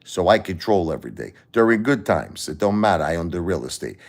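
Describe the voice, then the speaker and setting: A man's voice: low-pitched, very animated, a little fast, exaggerated voice. A man voicing an older Sicilian pizzeria owner with a Sicilian Italian accent, lecturing emphatically in broken English. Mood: insistent lecturing.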